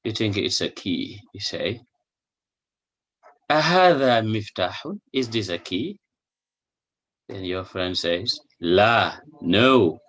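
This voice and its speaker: A man's voice: deep voice, slow, fairly bright tone. A man teaching a recorded language lesson, explaining patiently, repeating each example and checking understanding with a questioning "hmm?". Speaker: Arabic teacher.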